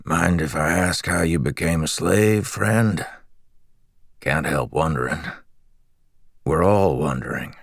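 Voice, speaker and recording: A man voicing a raspy, scraggly bearded male slave in an audiobook, a thief proud of his own daring who talks in a chummy way. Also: rumbling low, takes it slowly, pauses often, no room sound, clean studio sound, pitched above the performer's own voice, full character voice. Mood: curious, friendly. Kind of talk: audiobook character reading.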